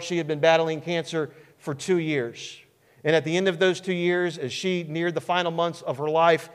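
A male pastor preaching a sermon in an earnest, emphatic way with dramatic pauses. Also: on the high side. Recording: long hall reverb.

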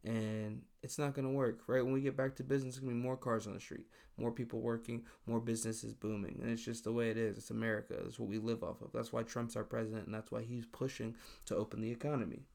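A man's voice: mid-range voice, flat delivery, fast, gravelly, hardly any pauses, darkish tone. A man hosting his own podcast, talking alone in a loose, profane, exasperated rant. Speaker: podcast host. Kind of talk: casual solo podcast monologue.

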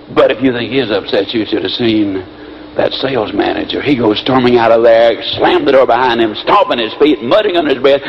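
Fast-talking, animated male speaker. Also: mid-range voice, dull audio. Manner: animated, folksy. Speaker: motivational speaker. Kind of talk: storytelling speech.

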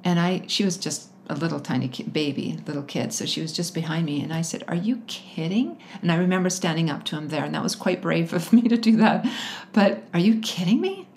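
A woman candidly telling her personal story as an interview guest, laughing often and animated as she retells it. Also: sits low, fast, hardly any pauses, slight background noise.

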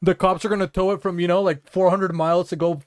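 A man's voice: sits high, little pitch movement, fast, no room sound. A man co-hosting a comedy podcast, rambling profanely with lots of laughter. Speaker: podcast co-host. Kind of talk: casual comedy banter.

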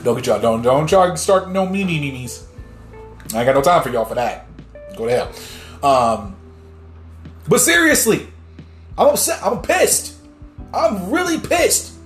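A man's voice: high-pitched, very animated, a little slow, long pauses, fairly bright tone. Man, podcast host, heated rant, blunt short sentences, roomy echo. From New Jersey. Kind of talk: casual news commentary. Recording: echoey room with faint music.

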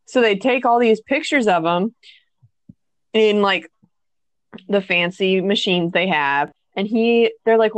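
A young woman co-hosting a casual podcast, telling a story with lively acted-out quotes and blunt swearing. Her voice sounds close and dry, with little room sound. She talks in an easy, mid-pitched voice. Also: moderate pace, no room sound. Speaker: podcast co-host.

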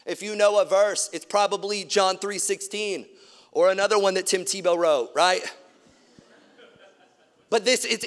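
A man's voice: high voice, fairly bright tone. A man in his thirties preaching a sermon, casual and emphatic, telling stories as a pastor. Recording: long reverb of a large hall.

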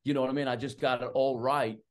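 Speaking fast in a mid-range voice, a middle-aged basketball coach appearing as a guest spins long stories in casual chat. He's animated and long-winded, full of asides and fillers such as "like" and "right."

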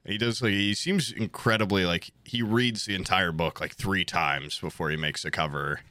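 A young man chatting on a podcast in a loose, rambling way, swearing freely. His voice sits fairly low but sounds bright and forward. The sound is dry and close, with little room around it. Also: fairly even intonation, normal speed, no echo. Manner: rambling, profane, laid-back. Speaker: podcast co-host. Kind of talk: casual chat.

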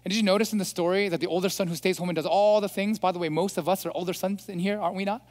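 A man preaching a sermon as pastor, animated and throwing rhetorical questions at the congregation. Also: high-pitched, very fast. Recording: long hall reverb.

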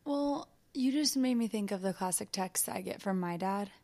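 Casting: young woman podcast co-host, mid-pitched, relaxed storyteller, dry close mic. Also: moderate pace, no echo. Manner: easygoing storyteller, laughs often. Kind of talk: casual chat.

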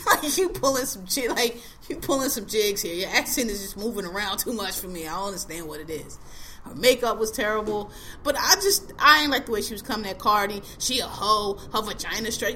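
A woman's voice: medium pitch, expressive, fairly quick, sharp tone, a little hiss or hum. A woman in her forties hosting a podcast, ranting bluntly and with heavy profanity in casual chat. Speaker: podcast host.

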